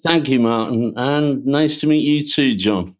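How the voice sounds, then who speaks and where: A man's voice: mid-range voice, a little slow. A man with a Liverpool accent, a guest author, recalling his working-class life in a reflective, storytelling way. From Liverpool, England. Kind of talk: casual interview.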